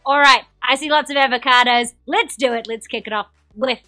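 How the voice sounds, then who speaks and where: A woman's voice: high-pitched, fairly quick, sharp tone, faint music behind. A young adult woman from New Zealand with a New Zealand accent, hosting a live trivia quiz in an upbeat, chatty way and reading out viewer comments. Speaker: quiz show host.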